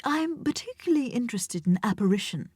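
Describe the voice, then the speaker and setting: A flamboyant male art collector, enthusing in an affected, drawn-out way, as a woman narrator puts him on. The voice is lifted above her usual pitch and recorded dry and close. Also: big pitch swings, darkish tone, slightly rough, no room sound. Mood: theatrical. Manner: exaggerated, drawn-out pronunciation. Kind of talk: audiobook character voice.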